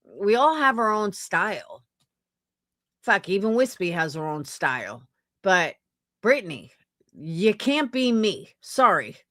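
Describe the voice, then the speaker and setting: A woman streamer talks back at a clip in casual, blunt commentary, swearing without a pause. Her voice swings lively up and down in pitch. The sound is dry and close to the mic. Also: no room sound. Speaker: streamer reacting to clips.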